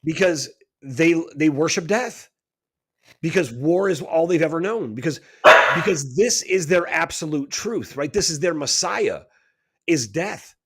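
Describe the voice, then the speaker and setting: A man co-hosting a spiritual talk radio show, speaking in a fairly high, husky voice. He lectures with emphasis and drives each point home with rhetorical "right?" questions. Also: lively intonation, unhurried. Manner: emphatic, preachy, keeps asking "right?".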